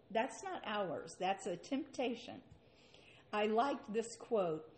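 A woman's voice: medium pitch, a little mellow. A woman preaching a sermon and reading scripture aloud, with an earnest manner and rhetorical questions.

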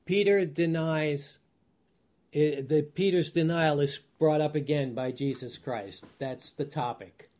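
A man's voice: a little high, a little slow, darkish tone. A man teaching a Bible study, reading scripture aloud and then explaining it, often chuckling and checking in with his listeners. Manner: asks listeners rhetorical check-in questions.

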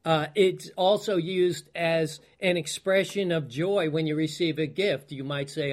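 A man preaching a teaching sermon, unhurried, with many fillers and restarts and emphatic repetitions. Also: high-pitched.

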